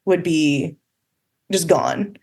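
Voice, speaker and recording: A woman's voice: sits low, huge pitch swings, extremely slow, creaky, a little mellow. A woman who is a podcast guest, speaking candidly about her own experiences, with frequent fillers and the odd swear word. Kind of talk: casual personal storytelling.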